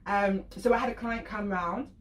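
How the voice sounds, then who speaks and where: A woman's voice: mid-range voice, normal speed, echoey room, recorded from a distance, slight background noise. Storytelling woman, a little off mic. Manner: animated storyteller, laughs often, acts out voices. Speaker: professional dominatrix, radio guest. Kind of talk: casual radio chat, storytelling.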